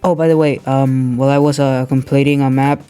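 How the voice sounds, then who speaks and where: A man narrates a game run in a flat, deadpan voice-over, delivering absurd, edgy jokes as if they were serious. Clear background music plays under his voice the whole way through. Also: medium pitch, a little fast. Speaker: gaming YouTuber. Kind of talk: scripted voice-over of gameplay.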